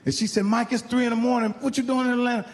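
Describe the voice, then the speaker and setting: A middle-aged man from Indiana telling profane stand-up stories with animated, acted-out quotes on a comedy club stage. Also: extremely high pitch, very fast. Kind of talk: stand-up storytelling. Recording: live club sound with hall reverb.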